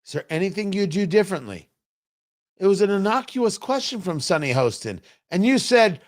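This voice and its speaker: A man's voice: sits high, very animated, normal speed. A middle-aged man hosting a political commentary livestream, firing off sarcastic, heated rhetorical questions. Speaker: talk show host.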